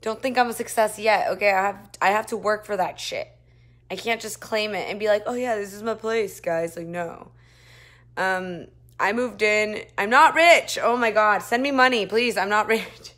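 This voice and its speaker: Feeling nauseous, a young woman streams live from her phone in a shared apartment, speaking at a normal speed. She chats casually and reads viewer comments. Her voice swings from abrupt loud bursts to weary, low murmurs.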